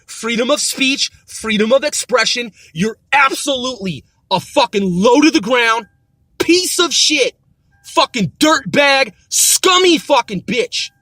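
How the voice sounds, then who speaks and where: A man with a very high, sharp voice rants furiously on his podcast. He swears constantly and repeats his insults. The sound is dry and close, with no room. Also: dry recording. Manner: profane, ranting, repetitive insults. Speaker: podcast host. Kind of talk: angry monologue rant.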